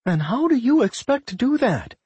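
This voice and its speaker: A man voicing a stubborn, defiant young female adventurer in an audiobook, with a husky edge. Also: fairly high pitch, very animated, moderate pace, no room sound, highs cut off, pitched above the performer's own voice, heavily acted. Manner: sharp, defiant.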